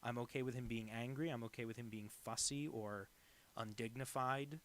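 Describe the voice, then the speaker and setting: A man streaming live as a cartoonist, chatting casually while he draws and rambling through deadpan jokes. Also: mid-range voice, moderate pace.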